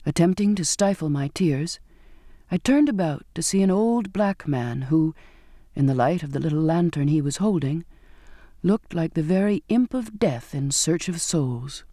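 A woman narrates a first-person story in a measured, descriptive way. Her tone is warm and mellow rather than bright. The close studio recording is dry, with no room sound. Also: sits low, expressive, no echo. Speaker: audiobook narrator.

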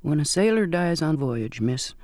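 A man reading an audiobook and voicing a soft-spoken, unsettling old sailor with a slow, courtly manner. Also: fairly high pitch, animated, no room sound, clean studio sound, close to an everyday voice. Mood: soft, coaxing. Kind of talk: audiobook character voice.

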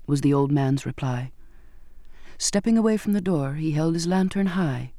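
A woman narrating a first-person audiobook in a measured, descriptive storytelling manner, recorded close in a studio booth. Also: low-pitched, lively intonation, warm tone, dry recording.

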